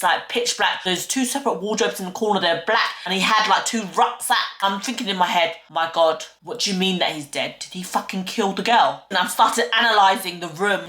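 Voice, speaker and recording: A young woman tells a dramatic story straight to the camera. Her voice is bright and forward, and she swears freely as she acts out her own thoughts. The room around her rings with echo. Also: medium pitch. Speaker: vlogger.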